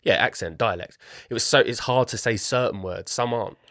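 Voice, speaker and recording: A man's voice: medium pitch, a little fast, a bit bright, no room sound, studio quality. A man co-hosting a podcast, giving brief, laid-back remarks in casual film chat. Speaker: podcast co-host.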